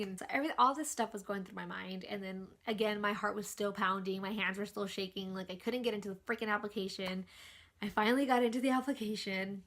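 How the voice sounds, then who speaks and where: A woman's voice: mid-range voice, steady tone, fast talker, a bit bright. A young woman from California telling a personal story to her viewers, chatty and full of "like" fillers. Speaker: vlogger. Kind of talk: casual storytelling to camera.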